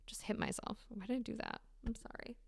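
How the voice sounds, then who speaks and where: A woman hosting a solo podcast, talking candidly and swearing freely with animated emphasis. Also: a little high, fairly quick, gravelly, no room sound, studio quality. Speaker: podcast host. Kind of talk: casual solo podcast monologue.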